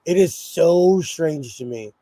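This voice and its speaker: A middle-aged man from Pennsylvania chats through a sewing livestream, greeting viewers by name and laughing easily. His voice sits a little high for a man and comes through slightly hoarse, as if he is feeling under the weather. The sound is dry and close. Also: animated, takes it slowly, dark tone, no room sound. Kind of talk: casual live-chat while sewing.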